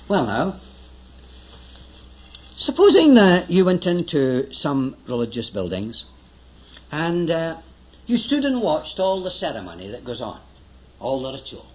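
An older man preaches with earnest, emphatic urgency. His voice sits high and swings widely in pitch. The recording is dull and lo-fi, like an old tape. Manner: earnest, emphatic, pleading with listeners to listen. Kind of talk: sermon.

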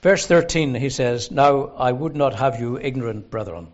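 A man preaches in a gospel hall, earnest and emphatic. He leans on the scripture he quotes, slowing each phrase to give it weight. The recording is muffled and low in fidelity. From Northern Ireland. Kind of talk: sermon. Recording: dull lo-fi sermon recording.

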